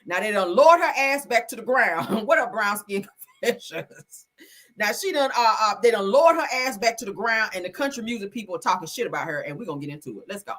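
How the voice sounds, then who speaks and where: Woman streamer, sassy profane commentary host, lively and bright. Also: medium pitch, quick pace. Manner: sassy, emphatic, profane, addresses viewers. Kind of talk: casual commentary livestream.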